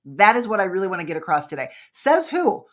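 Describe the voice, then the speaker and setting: A woman's voice: on the low side, expressive, very fast, fairly bright tone. A woman hosting a wellness talk show, chatting casually and animatedly with her audience and asking them questions. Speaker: host.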